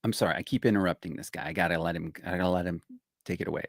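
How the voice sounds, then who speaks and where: An older man hosting his own show, commenting excitedly on a clip he plays, rambling and repeating himself. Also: sits low, racing, gravelly, no room sound, clean studio sound. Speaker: host. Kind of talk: casual commentary on a played clip.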